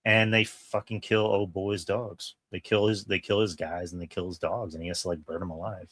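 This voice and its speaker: A man's voice: sits low, fairly even intonation, normal speed, fairly bright tone. A man co-hosting a casual film review, retelling scenes in an emphatic way and swearing freely. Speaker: podcast co-host.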